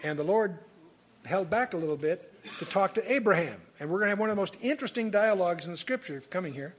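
Give me a man with a fairly high voice leading a verse-by-verse Bible study and commenting casually. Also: animated, fast, husky. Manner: reads scripture aloud, then comments in an easy conversational way; chuckles often while talking.

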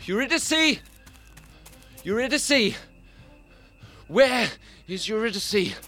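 An actor playing a grieving young mortal poet, earnest and despairing. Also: male voice, medium pitch, unhurried, fairly bright tone, faint music behind, lightly acted. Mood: desperate calling. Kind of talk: storybook audio drama.

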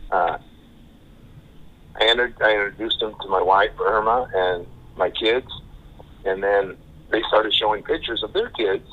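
A middle-aged man telling a personal story as a podcast guest, halting and repeating himself. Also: on the low side. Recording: tinny phone line.

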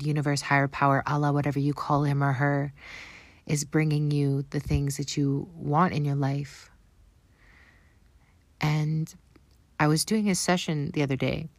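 Canadian woman, Canadian accent, deep steady voice, earnest spiritual vlog chat. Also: no echo. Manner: earnest, affirming, spiritual phrasing. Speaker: spiritual vlogger. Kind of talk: casual spiritual vlog talk.

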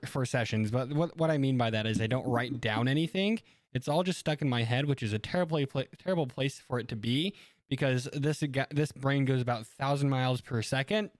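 A young man hosts a casual chat, rambling and self-deprecating with frequent laughs. His voice is mid-pitched, and the sound is dry and close. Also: moderate pace, no echo. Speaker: podcast host and game master. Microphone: remote podcast mic.

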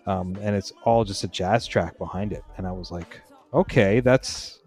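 A man hosts a casual album chat in a fairly low voice, excited and quick to cut across his own sentences. Faint music sits softly behind him. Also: breathy edge. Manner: animated, self-interrupting, bursts of exclamation. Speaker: podcast host.

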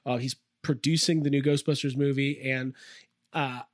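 A man co-hosting a casual podcast from his toy room, rambling and excitable with many fillers. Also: medium pitch, moderate pace, dry recording, studio quality. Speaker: podcast co-host. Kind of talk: casual chat.

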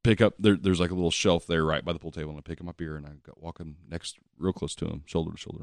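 A man's voice: sits low, huge pitch swings, fairly quick. A man telling a long bar story in casual chat, profane and laughing often as he rambles.

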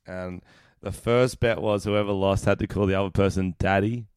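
A man's voice: deep voice, steady tone, moderate pace, a little mellow, clean tone, dry recording, studio quality. A man co-hosting a podcast, telling stories in casual chat and laughing often. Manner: laughs often, tells stories with quoted voices. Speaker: podcast co-host.

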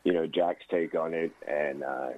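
Deep-voiced man on a tinny line. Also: steady tone. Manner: halting, many fillers. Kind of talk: radio interview. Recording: tinny phone-like radio sound.

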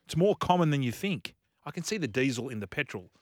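A man's voice: medium pitch, very animated, quick pace, dry recording, clean studio sound. A man with an Australian accent co-hosting a radio show, bantering bluntly with jokes and laughing asides. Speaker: radio co-host.

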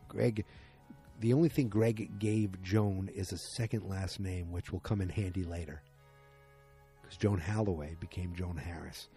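Deep, mellow-voiced man recapping casually. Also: steady tone, a little slow, faint music behind. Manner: loose, rambling retelling with many fillers and quoted lines. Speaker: TV episode recapper.

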